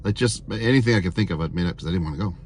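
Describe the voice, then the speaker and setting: Fifties guy, kinda low voice, rambling earnest testimony vlog, says the same thing over and over. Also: very fast, a little hiss or hum. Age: 50s. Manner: earnest, rambling, repeats himself with many fillers. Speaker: vlogger sharing testimonies.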